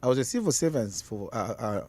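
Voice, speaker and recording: A man's voice: medium pitch, lively intonation, fast talker, a little mellow, no room sound. Combative Zambian man on radio. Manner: combative, repeats questions for emphasis. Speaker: opposition politician guest. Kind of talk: heated radio debate.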